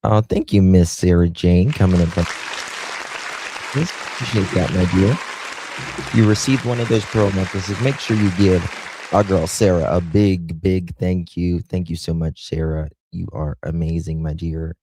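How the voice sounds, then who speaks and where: A man with a deep voice hosts a casual livestream at a measured pace, reading viewer comments and thanking each viewer one by one with affectionate endearments. Crowd noise and other background noise can be heard.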